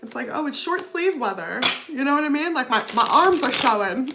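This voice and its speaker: A woman's voice: sits high, expressive, normal speed, noisy background. A woman giving a casual tarot reading to her viewers, chatty, often adding "okay?" and "you know what I mean?". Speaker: tarot reader.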